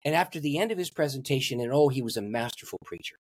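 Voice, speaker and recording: A man's voice: mid-range voice, expressive, fast, dry recording. Man, pastor, storytelling guest, laughs at his own stories, dry recording. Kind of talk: storytelling in a podcast interview.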